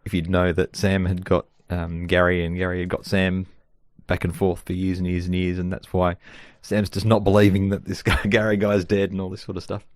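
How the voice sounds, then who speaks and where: Laid-back man with a deep voice. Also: monotone, fairly quick, few pauses, no room sound, studio quality. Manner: laid-back, thinking aloud. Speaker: podcast co-host. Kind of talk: casual chat.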